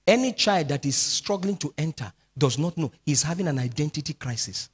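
A man preaching a midweek sermon as pastor, swinging between speech and sung, drawn-out phrases. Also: a little high, animated, husky. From Nigeria.

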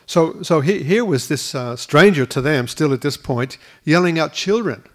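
A man's voice: fairly high pitch, normal speed. Earnest man preaching a sermon. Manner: earnest, repeats words at restarts. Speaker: pastor. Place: school hall used for church.

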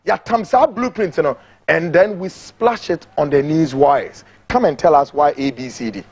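A man's voice: a little high, animated, normal speed, darkish tone, slightly rough, highs cut off. A man with a Ghanaian accent giving impassioned political commentary, emphatic and repetitive, mixing English and Twi.

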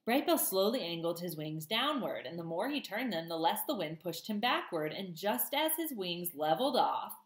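Teacher, woman, low voice, chatty storytime read-aloud, roomy echo. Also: sing-song, moderate pace, hardly any pauses. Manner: warm, chatty, many ums. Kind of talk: reading a children's novel aloud and chatting to students.

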